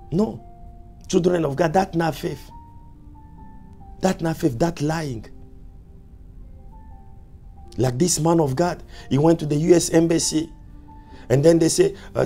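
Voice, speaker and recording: A male pastor preaching a sermon, repeating his points with emphasis and dropping to soft, low asides. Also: gravelly.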